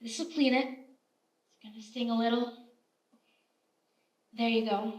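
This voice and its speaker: A woman's voice: a little high, steady tone, slow, darkish tone, recorded from a distance. An actress playing a motherly, scolding frontier woman who bakes biscuits, acted live on a theater stage. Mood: chatty scolding. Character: kindly, bossy frontier woman baker. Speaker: stage actor. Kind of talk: live stage play acting. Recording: roomy theater stage, heard from afar.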